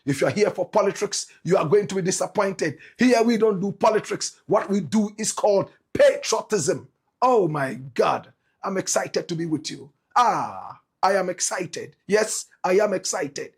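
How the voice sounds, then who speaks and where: A Ghanaian man with a Ghanaian English accent hosting his show, opening with a flamboyant, repetitive, preacher-like patter and a sponsor pitch. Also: animated, moderate pace, slightly rough. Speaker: show host.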